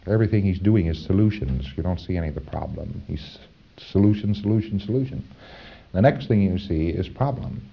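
Low-voiced man lecturing on dull old tape. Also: vocal fry, breathy edge. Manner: halting, with repeated phrases and "uh" fillers. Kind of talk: informal lecture to trainees.

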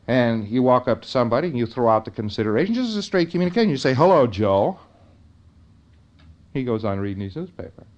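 A man's voice: medium pitch, expressive, racing, hardly any pauses, muffled recording. A man giving an informal lecture in a conversational way, often checking in with his listeners.

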